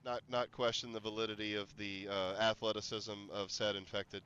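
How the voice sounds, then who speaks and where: A man's voice: fairly low pitch, little pitch movement, normal speed, a bit bright, highs cut off, slight background noise. A man streaming a game, chatting casually and rambling, breaking into laughter and startled yelps. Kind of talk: casual gameplay commentary.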